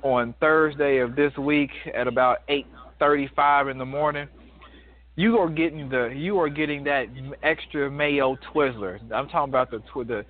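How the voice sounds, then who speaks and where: Thirties male caller, tinny phone sound, animated storyteller who restarts often. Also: on the high side, moderate pace. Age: 30s. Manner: emphatic, animated retelling with many restarts. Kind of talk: casual storytelling.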